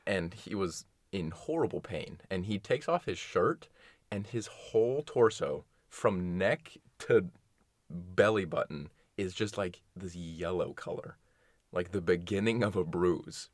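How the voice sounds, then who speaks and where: A young man with a deep voice tells stories and teases his friend in relaxed podcast banter, jumping in with quick asides. The recording is dry and close. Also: dry recording. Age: young adult. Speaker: podcast co-host. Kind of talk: casual chat.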